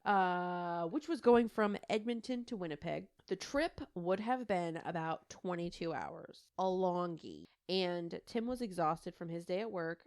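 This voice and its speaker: A woman's voice: on the low side, unhurried, few pauses, a little mellow, clear, resonant tone. A woman in her thirties co-hosting a podcast, telling a true crime case in a chatty way with lots of fillers and laughing asides. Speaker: podcast co-host. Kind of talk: casual chat and true crime storytelling.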